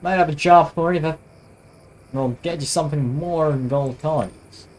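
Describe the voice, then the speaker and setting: A man's voice: on the high side, unhurried, darkish tone, slight background noise, close to an everyday voice. A man voicing a friendly cowboy sheriff in a game, with a drawled, folksy manner and an attempted American accent.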